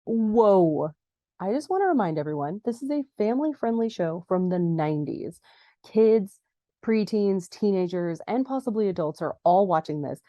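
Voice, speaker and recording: A young adult woman casually recapping a TV episode, chatty, bursting into higher voices for quoted lines. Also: expressive, normal speed, dark tone, dry recording, muffled recording. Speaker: podcast host recapping a TV episode.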